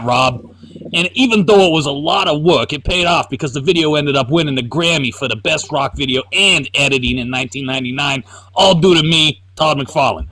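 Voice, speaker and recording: A man's voice: a little high, pushed and bright. A man putting on an arrogant, self-glorifying male artist mogul, reading out boastful, profane brags.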